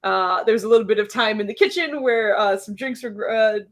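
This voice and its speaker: A woman's voice: medium pitch, a little fast. A woman running a homebrew tabletop game, recapping the last session in a chatty way with many fillers. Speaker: dungeon master.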